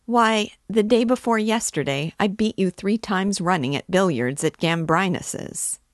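A woman's voice: medium pitch, lively intonation, a little slow, dry recording, studio quality, voice pushed up, natural voice. A woman reading aloud, voicing an eager young male law student who talks urgently and insistently. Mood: puzzled.

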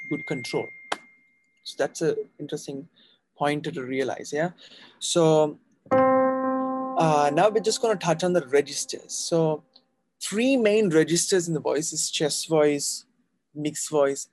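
A man's voice: fairly high pitch, a little mellow. A man teaching a live voice class, explaining patiently and often checking in with his students. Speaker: voice coach.

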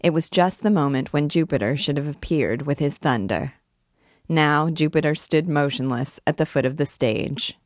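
A woman reading a classic novel aloud in a measured, expressive way as a guide to the book. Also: sits low, no room sound, studio quality.

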